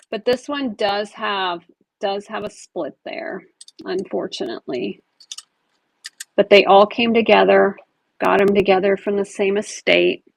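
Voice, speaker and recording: A woman hosting a live auction with a gravelly, fry-edged voice, talking in an easygoing, chatty way as she shows off each piece. The sound is dry and close, with no room echo. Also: mid-range voice. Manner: chatty, describes items while handling them. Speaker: online jewelry seller running a live auction. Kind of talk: casual live-stream selling chat.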